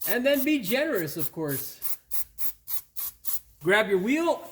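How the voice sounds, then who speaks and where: A man's voice: high voice, big pitch swings, slow, background noise. A man hosting a car repair tutorial in his garage. He is upbeat, keeps calling viewers "boys and girls," and curses freely when things go wrong. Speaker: host of a car repair channel. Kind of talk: casual how-to tutorial with outtakes. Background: neighbor's air compressor.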